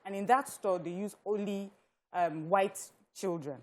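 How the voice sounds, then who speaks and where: A woman with a Nigerian accent speaking as a studio panel guest, animated and telling personal stories with quoted lines. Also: mid-range voice, measured pace. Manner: animated, tells personal anecdotes with quoted dialogue.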